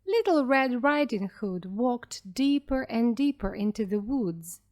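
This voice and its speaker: A woman reading a fairy tale aloud at an unhurried, deliberate pace, each word clear for beginners. Her voice sits fairly high and moves with plenty of lively melody. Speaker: narrator. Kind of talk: slow storybook narration for English learners.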